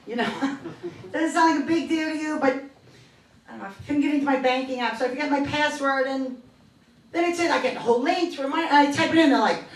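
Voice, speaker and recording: A middle-aged woman performing a stand-up comedy set in a club, chatty and self-deprecating, with quick asides. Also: sits high. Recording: echoey club from far off. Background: audience laughter.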